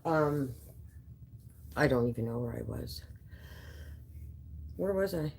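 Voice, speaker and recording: Tired low-voiced woman rambling on a livestream. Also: lively intonation, gravelly, a little mellow, a little hiss or hum. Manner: rambling, halting, swears, many restarts. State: tired, sleepy. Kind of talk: casual live-stream chat. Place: home.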